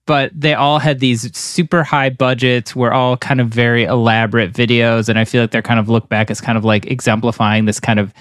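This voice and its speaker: A man's voice: medium pitch, flat delivery, a little fast, hardly any pauses, a bit bright, no echo, studio quality. Rambling man in his forties. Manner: rambling, heavy with fillers like "you know" and "like". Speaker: podcast co-host. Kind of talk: casual chat.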